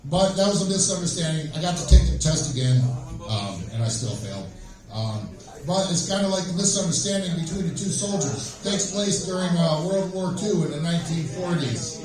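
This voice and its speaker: A man doing a novice stand-up comedy set, telling deadpan stories with acted dialogue. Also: fairly high pitch, brisk, over music. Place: open mic at a small venue. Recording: echoey room, far from mic, crowd noise.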